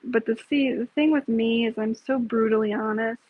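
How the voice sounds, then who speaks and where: A woman's voice: on the high side, fairly even intonation, moderate pace, husky, dry recording. A woman hosting a casual live stream, talking bluntly, with frequent swearing and rambling asides. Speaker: livestream host. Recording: tinny phone-like, dry sound.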